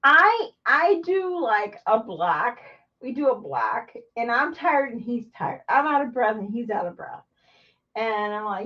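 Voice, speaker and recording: A woman with a somewhat high voice chats candidly for her vlog. She rambles and trips over herself, restarting her sentences. The sound is distant and muffled, as if the mic sat well away from her. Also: sing-song, a bit bright. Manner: halting and rambling, with many restarts. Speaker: vlogger. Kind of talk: candid personal vlog chat.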